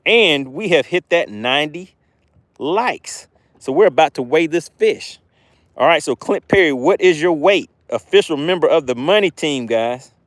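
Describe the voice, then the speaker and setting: A man's voice: fairly high pitch, lively intonation, a little slow, no echo. A man with a Southern accent hosting a fishing livestream, chatting upbeat with viewers and reading out their comments. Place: outdoors fishing.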